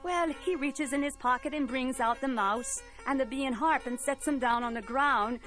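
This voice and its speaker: A woman's voice: high-pitched, moderate pace, fairly bright tone, soft background music. A woman telling a folk tale in a playful, rhythmic, musical way. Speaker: storyteller.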